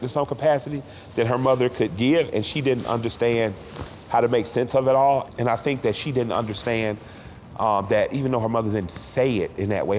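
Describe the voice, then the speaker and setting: A man in his forties, a guest in an interview, speaking in a heartfelt way and sometimes tearful, pausing and repeating words when moved. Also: medium pitch, a little mellow, in a large hall, slight background noise. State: tearful at times. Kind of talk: emotional reflective interview talk.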